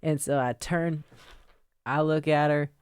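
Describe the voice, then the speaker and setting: A woman's voice: sits low, measured pace, smooth, no room sound. A woman, a podcast co-host and pro wrestler, telling stories in a casual studio chat and laughing often as she talks. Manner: animated storyteller who laughs often.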